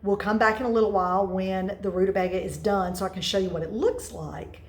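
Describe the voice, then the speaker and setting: A woman's voice: medium pitch, fairly quick, poor audio. Chatty woman cooking at home. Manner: chatty, excitable storyteller. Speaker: home cook host. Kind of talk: casual cooking video chat. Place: home kitchen.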